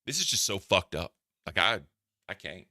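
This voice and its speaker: Low-voiced, excitable streamer man. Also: moderate pace. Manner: profane, laughing, talks to chat. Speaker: streamer reacting to clips. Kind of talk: casual reaction commentary.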